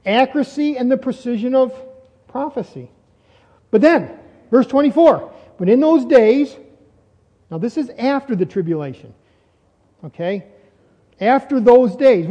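A man's voice: high voice, mellow. A man preaching a sermon as a pastor, in a conversational style full of rhetorical questions. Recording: dull lo-fi sound with long hall reverb.

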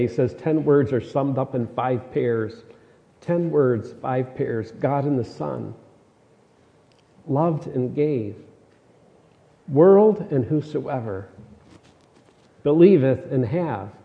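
A middle-aged male preacher with a gravelly, mellow voice, talking through his sermon in an easy, conversational way and hammering home key phrases by repeating them. The sound is dull, with a long reverb trailing off the walls of a big hall. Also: medium pitch.

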